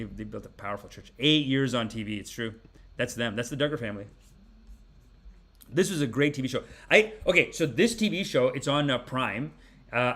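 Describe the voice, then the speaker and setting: A man in his forties hosting a podcast, giving rambling, animated, mock-preachy comic commentary. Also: mid-range voice. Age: 40s. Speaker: podcast host. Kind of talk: comedic commentary.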